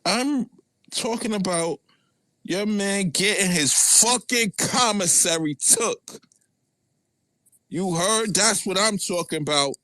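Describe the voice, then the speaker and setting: A man with a Brooklyn accent, taunting and profane as he mocks a rival on a live audio chat. His voice sits a little high for a man. The sound is dry and close. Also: slow pace, pushed and bright, dry recording. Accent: Brooklyn New York. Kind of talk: heated trash talk on a live audio chat.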